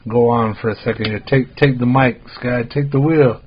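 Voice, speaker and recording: A relaxed American man hosting a podcast, spinning a long story in easy, meandering chat. His talk is loose and profane, packed with "like" fillers, at a middle pitch. The audio sounds a little muffled and dull. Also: normal speed, slightly rough. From United States. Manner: laid-back, rambling, heavy on "like" fillers and swearing. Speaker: podcast host.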